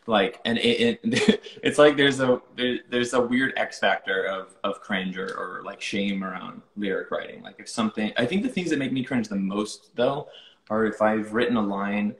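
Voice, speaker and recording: A young man with a lowish voice talks loosely through his thoughts in a casual interview. He keeps restarting sentences and leaning on filler words. The room around him has a noticeable echo. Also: normal speed, a bit bright. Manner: rambling, many "like" fillers and restarts. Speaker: musician being interviewed.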